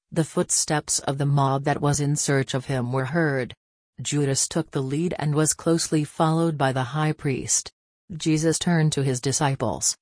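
Female reader for devotional narration; solemn, measured pace, low register, dry recording. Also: a little mellow, no echo. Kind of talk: devotional book reading.

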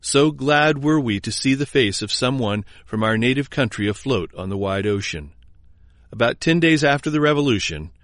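Man, audiobook narration of a memoir, measured formal delivery, dry close sound, mid pitch. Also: lively intonation, a bit bright, no echo. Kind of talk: scripted narration of a historical memoir.

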